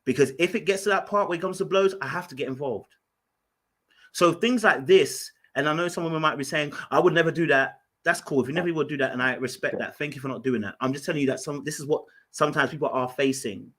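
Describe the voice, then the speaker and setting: A man from Ghana, telling an animated story in casual podcast chat, full of fillers and restarts. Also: on the high side, fast. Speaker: podcast guest.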